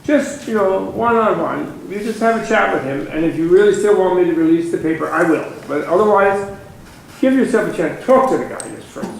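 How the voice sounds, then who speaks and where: A man's voice: high-pitched, fairly quick, vocal fry. A man voicing a deferential male secretary who coaxes his superior politely, in a very echoey hall. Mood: coaxing. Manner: coaxing, polite persuasion. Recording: very echoey hall, faint noise.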